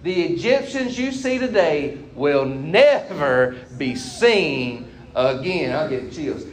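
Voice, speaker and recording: A man preaching a sermon as a pastor, asking the congregation questions and swinging between loud and quiet passages. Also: a little high, sing-song, slow pace, hardly any pauses. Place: church sanctuary.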